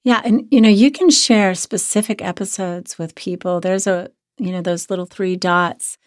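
A hoarse woman co-hosting a podcast as a sex therapist, talking in an earnest, reflective way. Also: mid-range voice, fairly even intonation, normal speed, no room sound, studio quality. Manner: earnest, reflective, many restarts. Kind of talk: casual podcast chat.

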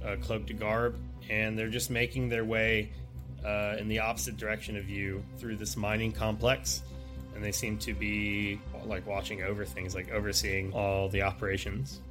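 A man's voice: lowish voice, flat delivery, normal speed, music in the background. A man narrating as game master of a tabletop game, describing scenes in a loose, rambling way with many fillers.

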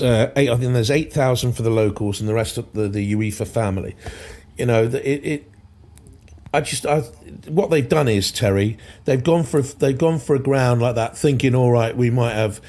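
Male co-host, casual emphatic rambling chat, medium pitch, on a video call. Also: a little mellow. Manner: rambling, emphatic, repeats himself. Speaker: podcast co-host.

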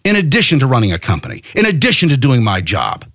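Middle-aged us guy ranting on his podcast, swears a lot, pitch jumps all over, dry close sound. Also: huge pitch swings, quick pace, a bit bright, dry recording. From United States. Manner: fiery, profane, rallying exhortation. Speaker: podcast host. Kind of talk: impassioned political monologue.

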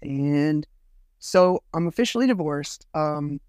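A middle-aged man hosting a podcast, telling a personal story in a bitter, rambling way, swearing often and filling pauses with fillers. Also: on the high side, animated, darkish tone, clean tone, dry recording, studio quality. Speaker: podcast host. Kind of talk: casual solo storytelling.

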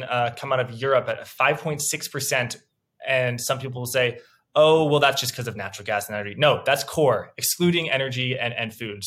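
A young man hosting a finance interview, asking questions in animated quick bursts with stammering repeats. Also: medium pitch. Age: young adult. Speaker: interview host.

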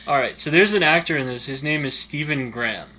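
A man's voice: on the high side, fairly quick, sharp tone, slight background noise. Dry, teasing man reviewing a movie. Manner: dry, teasing, blunt verdicts. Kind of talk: casual chat reviewing a movie.

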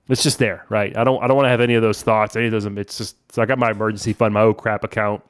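A man in his forties hosts a podcast and talks through money tips in a loose, chatty way, checking in with "right?" as he goes. His voice sits fairly low. The sound is dry and close. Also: fairly even intonation, very fast, few pauses, no room sound. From New Orleans. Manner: chatty, conversational, says "man" and "right?" often. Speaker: podcast host. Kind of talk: casual financial advice talk.

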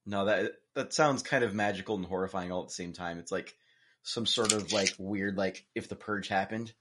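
A man co-hosting a podcast in casual chat, relaxed and often hesitating with ums. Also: low voice, moderate pace. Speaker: podcast co-host.

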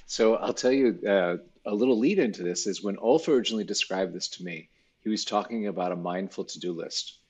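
A man speaking as a startup cofounder in an interview, relaxed and reflective. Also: fairly low pitch, fairly quick, slightly rough. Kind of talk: casual interview talk.

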